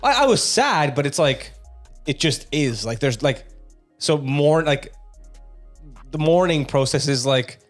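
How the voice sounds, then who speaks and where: Young male co-host, wry and halting in talk, faint music underneath. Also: a little high, animated. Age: 20s. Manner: joking banter, hesitant when telling his own story. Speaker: podcast co-host. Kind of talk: casual chat.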